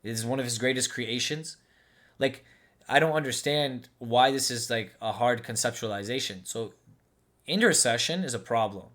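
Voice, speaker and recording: A man's voice: mid-range voice, fairly bright tone. A man from the United States giving heated, argumentative reaction commentary, exasperated and sarcastic.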